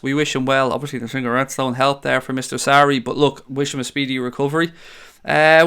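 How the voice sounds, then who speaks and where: A man hosting a casual fan livestream from a green-screen home studio, reading chat aloud, excitable and swearing freely. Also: on the high side, smooth. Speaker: fan channel host reading live chat.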